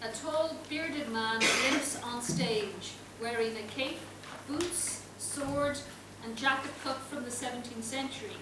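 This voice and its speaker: A woman reading stage directions aloud in a plain, even way. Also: on the high side, slow, hardly any pauses. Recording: echoey hall, distant mic, loud noise.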